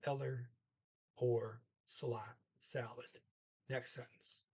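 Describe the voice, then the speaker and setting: Slow, husky-voiced man tutoring. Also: medium pitch, flat delivery, a little mellow. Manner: slow, halting, thinking aloud with many pauses; sounds out foreign words carefully, then translates. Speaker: language tutor. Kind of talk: casual self-recorded language lesson.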